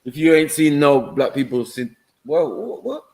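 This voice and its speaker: A man's voice: on the high side, big pitch swings, normal speed, vocal fry, darkish tone. A man on a live panel asking blunt, incredulous questions in casual banter, swearing freely.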